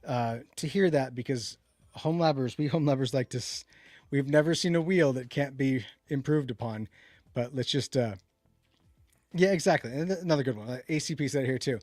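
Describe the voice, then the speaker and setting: A man's voice: medium pitch, moderate pace, darkish tone, dry recording. A man co-hosting a casual livestream tech chat, rambling and correcting himself as he reads viewer comments. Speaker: podcast co-host.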